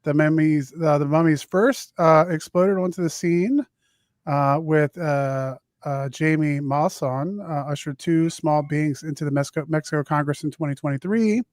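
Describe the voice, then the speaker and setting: A man with a Southern US accent hosts a casual podcast, reading news items aloud. He hesitates and restarts often, filling gaps with uhs and ums. His voice sits a little high and sounds dry and close. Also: a little mellow, no room sound. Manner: halting, many filler sounds and restarts while reading. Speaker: podcast host.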